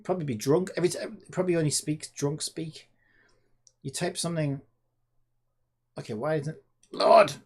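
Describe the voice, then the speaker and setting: His voice is a little high and husky, moving at normal speed with long pauses. He's a man recording his screen while developing a game, talking to himself in a rambling, sarcastic, casual way.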